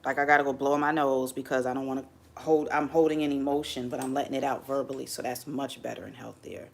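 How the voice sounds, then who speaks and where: Gravelly-voiced woman chatting on a livestream. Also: rumbling low, steady tone, fast talker. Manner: candid, rambling, openly emotional. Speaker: livestream host. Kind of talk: casual livestream chat. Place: home streaming setup under bright lights.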